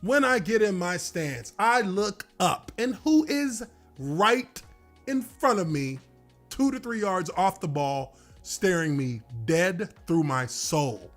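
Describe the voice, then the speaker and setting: A former pro football lineman tells a dramatic story about a game in a casual, animated way with a bit of swearing. His voice is high and he speaks slowly. Faint music plays in the background.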